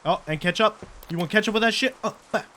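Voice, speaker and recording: A man's voice: high-pitched, fast talker, pushed and bright. A man doing crude, joking let's-play commentary while he plays. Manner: crude, joking, swears a lot. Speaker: gaming YouTuber.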